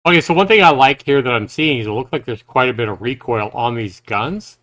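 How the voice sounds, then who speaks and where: A man's voice: mid-range voice, lively intonation, brisk, fairly bright tone, slight background noise. A man giving casual live reaction commentary on a game trailer, thinking aloud in a loose, rambling way.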